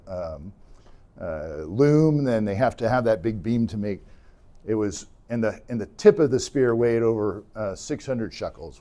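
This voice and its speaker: A man teaching an adult church class, retelling stories casually and acting out the characters' lines. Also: medium pitch. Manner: animated storytelling, acting out characters' lines with fillers.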